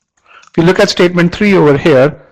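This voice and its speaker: A man's voice: sits high, normal speed, darkish tone, poor audio. A man teaching a live online webinar, often repeating words as he restarts and quizzing his audience. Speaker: online course instructor.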